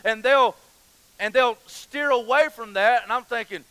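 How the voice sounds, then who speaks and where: A man's voice: very high-pitched, measured pace, sharp tone, clean tone, dry recording, rough recording. A man preaching a sermon as pastor, passionate, repeating phrases and asking rhetorical questions.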